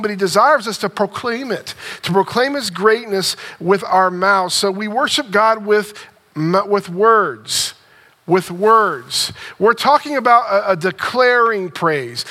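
Bright-voiced pastor preaching. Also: male voice, high-pitched. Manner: earnest, repeats phrases for emphasis, leads congregation. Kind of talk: sermon.

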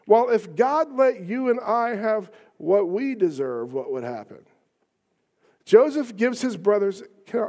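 Pastor, male, high-pitched, emphatic sermon delivery with rising rhetorical peaks. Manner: emphatic, rhetorical questions, rising to near shouts.

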